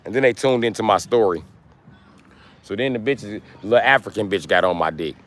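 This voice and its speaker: A man's voice: fairly low pitch, fairly quick, a bit bright. A man livestreaming to his chat in a crude, taunting rant, hammering points home by repeating them, outdoors near parked vehicles. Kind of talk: live stream rant to chat.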